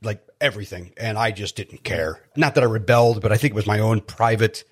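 A man, telling stories as a podcast guest in an animated, joking way. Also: fairly low pitch, breathy edge. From South Side of Chicago. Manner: animated storyteller, quick jokey asides. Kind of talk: casual chat.

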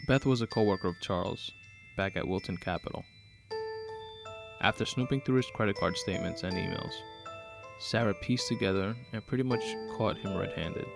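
A man narrating a dark crime story aloud in a steady, matter-of-fact way. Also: lowish voice, moderate pace, gravelly, music in the background.

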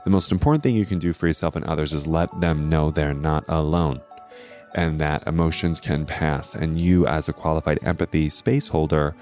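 A man's voice: very deep voice, steady tone, moderate pace, a little mellow, faint music behind. A man hosting an astrology podcast, talking alone in an earnest, explanatory way and often adding tag questions. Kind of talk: solo podcast talk.

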